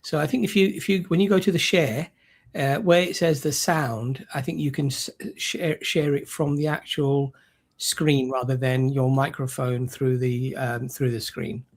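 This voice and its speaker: A man's voice: mid-range voice, fairly even intonation, a little slow, gravelly. A man speaking on an online panel discussion, arguing his point and mocking the other side. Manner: argumentative, mocking impressions.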